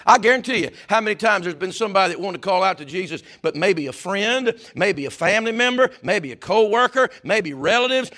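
Male pastor, high lively delivery, booming and whispering. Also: a little fast, hardly any pauses. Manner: swings from loud shouting to hushed whispers. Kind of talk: sermon.

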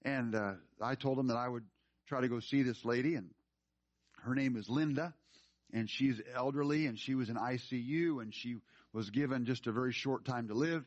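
A man's voice: medium pitch, normal speed, dry recording, dull audio. A man preaching a sermon in a church, telling a story and building to emphatic appeals. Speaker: pastor. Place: church room.

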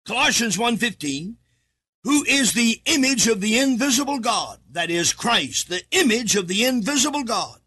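A man preaching a sermon from the United States, reading scripture in a half-chanted way and rising to shouts for emphasis. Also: very high voice, sing-song, normal speed, slightly rough.

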